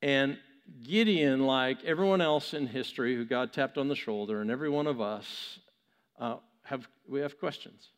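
A male pastor preaching a sermon, telling a story with animated, chuckling asides. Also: mid-range voice, moderate pace, clear, resonant tone, long reverb tail.

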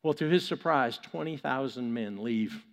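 A male pastor preaching a sermon, telling a story with animated, chuckling asides. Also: mid-range voice, normal speed, gravelly, in a large hall.

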